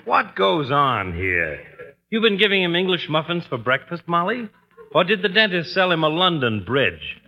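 An actor playing a pompous, sharp-tongued middle-aged doctor in a 1940s radio comedy. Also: male voice, fairly high pitch, big pitch swings, moderate pace, muffled recording. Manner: pompous, cutting wisecracks.

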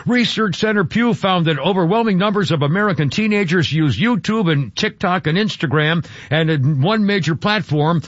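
A man's voice: high voice, lively intonation, moderate pace, few pauses, dry recording, lo-fi sound. A man hosting a radio show, chatting loosely with restarts and chuckles. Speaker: radio host. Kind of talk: casual radio talk and read-out essay.

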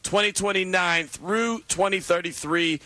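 Bright-voiced, playful sports radio host. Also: male voice, high voice, measured pace, no room sound. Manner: playful, teasing, laughs often. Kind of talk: casual sports radio banter. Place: radio studio. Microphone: studio microphone.

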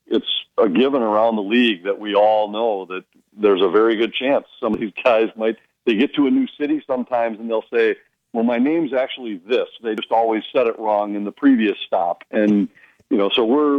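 A man's voice: on the low side, no echo. Man, hockey broadcaster, casual radio storytelling, imitates people he quotes, dry dull radio sound. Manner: storytelling, mimics others' voices in quotes. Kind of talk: casual radio chat, telling anecdotes.

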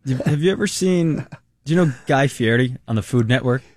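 A man's voice: medium pitch, animated, a little fast, a little mellow, no echo, clean studio sound. A man co-hosting a radio show, chatting in an easygoing, teasing way. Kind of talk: casual on-air chat.

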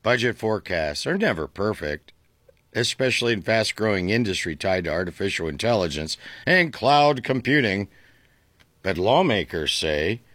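A man's voice: fairly low pitch, a bit bright, no echo. A male talk show host reading the news aloud with sarcastic, mocking asides.

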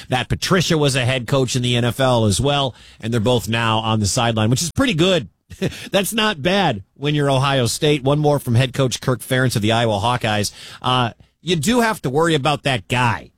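A man's voice: medium pitch, dry recording, clean studio sound. A man from the American Midwest hosting a sports radio show, chatting through college football scores and coach clips. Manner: conversational, chatty asides. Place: radio studio.

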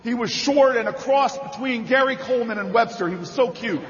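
A middle-aged man, a senator, giving a rousing convention speech, repeating phrases and building to shouted climaxes. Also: extremely high pitch, a little fast, a little hiss or hum. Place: large convention hall, indoors. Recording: dull, reverberant hall sound.

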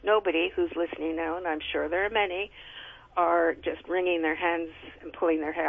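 A woman's voice: fairly low pitch, fairly quick, vocal fry, slightly rough. A woman calling into a radio show, opinionated and sarcastic, over a dull phone line. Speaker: caller. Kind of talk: phone-in chat.

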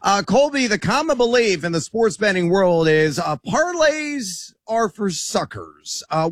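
Playful, lively high-voiced male co-host. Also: no room sound, clean studio sound. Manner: playful, jokey, animated questioning. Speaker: radio co-host. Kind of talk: casual sports radio hosting.

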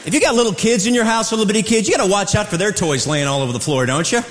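A man from the Midwest performing live stand-up comedy in a club, animated and slipping into silly voices. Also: sits high, rapid-fire, a little hiss or hum. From American Midwest. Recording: roomy live club recording.

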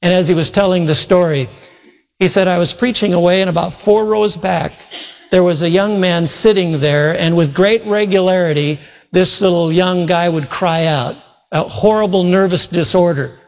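A man's voice: high-pitched, moderate pace. A man preaching a sermon, telling a long story earnestly and acting out the quoted voices. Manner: earnest storytelling with quoted retellings and sudden loud shouts. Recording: long hall reverb.

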